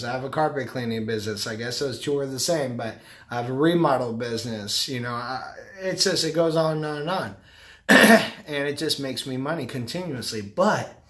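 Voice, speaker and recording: A man's voice: mid-range voice, fairly bright tone. A middle-aged man talking casually to the camera, rambling and repeating himself. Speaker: vlogger, carpet cleaner and business owner.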